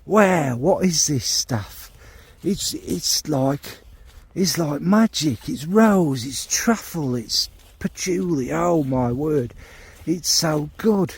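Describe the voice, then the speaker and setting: A man putting on a high, greedy old perfume boss. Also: lively intonation, slow pace, vocal fry, breathy edge, heavily acted. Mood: amazed.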